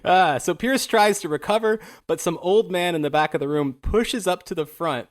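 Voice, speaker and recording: A man's voice: sits high, normal speed, hardly any pauses. A young man hosting a podcast, narrating history in a loose, wry way with plenty of fillers and small laughs. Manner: casual and wry, with many fillers and chuckles. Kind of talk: casual chat.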